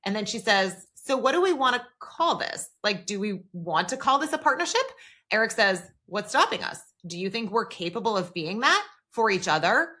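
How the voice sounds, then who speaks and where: A woman's voice: mid-range voice, very animated, normal speed, pushed and bright. A woman co-hosting a podcast, casually recapping a TV episode and retelling scenes by quoting the characters' lines. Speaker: podcast co-host.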